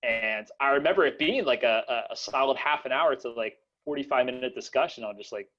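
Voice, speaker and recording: A man's voice: medium pitch, fairly quick, fairly bright tone. A young man hosts a casual podcast chat, rambling through stories with lots of fillers and restarts. His voice sits in a middling register. The sound is dull and lo-fi. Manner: rambling, many fillers and restarts, laughs often. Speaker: podcast host.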